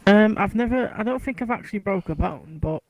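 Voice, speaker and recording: A man's voice: sits high, lively intonation, a little fast, no echo, rough recording. A man in a casual chat, telling a short story of his own after brief agreeing replies.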